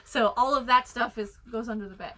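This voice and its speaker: A woman's voice: fairly high pitch, a little fast, fairly bright tone. Chatty woman full of fillers. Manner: chatty, filler-heavy, quotes herself. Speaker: bus owner giving a tour. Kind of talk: casual chat.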